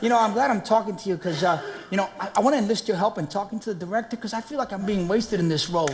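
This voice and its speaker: A man performing a one-man stage show, telling a story in rapid, animated slang with plenty of swearing. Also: high-pitched, a little hiss or hum.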